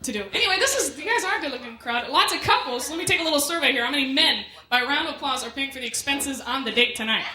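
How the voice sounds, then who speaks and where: A woman performs a stand-up set as the MC of a comedy club, bantering with the crowd in quick asides. Her voice sits high. The recording is roomy and echoey, with loud noise running underneath. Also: expressive. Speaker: MC and stand-up comic. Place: comedy club stage with a live audience.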